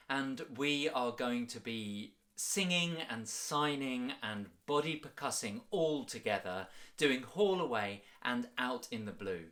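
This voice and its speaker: A man leading a children's music workshop, energetic and encouraging, in an upbeat sing-song way. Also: mid-range voice.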